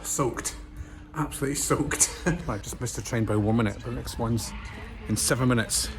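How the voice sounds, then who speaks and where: Music plays behind this Scottish man's mid-range voice as he walks rainy town streets and a station for his travel vlog. His intonation stays fairly even and his pace moderate while he rambles casually, using lots of fillers, and the street noise is clearly audible.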